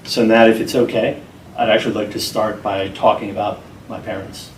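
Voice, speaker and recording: A man being interviewed, speaking in an earnest, measured and heartfelt way. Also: fairly low pitch, flat delivery, far from the mic, a little hiss or hum. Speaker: interview guest. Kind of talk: earnest, reflective interview talk. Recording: roomy sound from off-mic, faint music behind.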